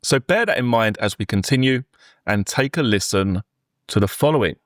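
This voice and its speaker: A man's voice: medium pitch, lively intonation, normal speed, no room sound, studio quality. A man hosting a true crime commentary, explaining a police interview step by step in a conversational way. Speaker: true crime channel host.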